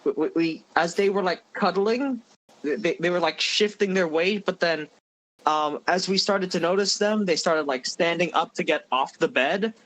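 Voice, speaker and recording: A man's voice: high-pitched, normal speed, fairly bright tone, poor audio. A man in his twenties tells a long story on a casual podcast, stumbling and restarting, laughing as he goes. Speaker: mod developer and podcast host.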